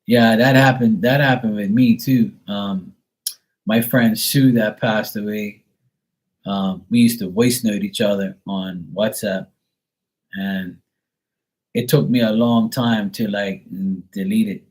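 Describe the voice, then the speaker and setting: A man's voice: lowish voice, steady tone, slow, a little mellow, low-quality recording. A man hosting a live tarot reading stream, talking casually, bluntly and with frequent swearing. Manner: blunt, profane and candid.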